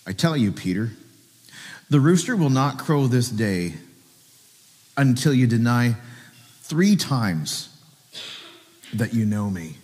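A man voicing a calm, solemn male teacher who speaks slowly and gravely. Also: medium pitch, long reverb tail. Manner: slow and grave.

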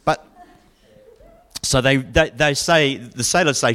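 A man's voice: mid-range voice, takes it slowly, pauses often, fairly bright tone. A man preaching a sermon, retelling a story with jokey asides and mock voices.

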